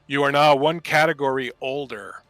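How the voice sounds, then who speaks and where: A man's voice: medium pitch, steady tone, normal speed, fairly bright tone, no echo, soft background music. A man narrating a tabletop game as game master, telling the story in a descriptive, dramatic way over a video call.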